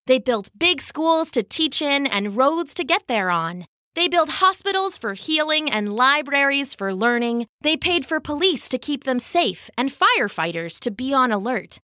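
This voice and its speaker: A woman reading a children's story aloud in a slow, expressive storytelling manner. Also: sits high, dry recording.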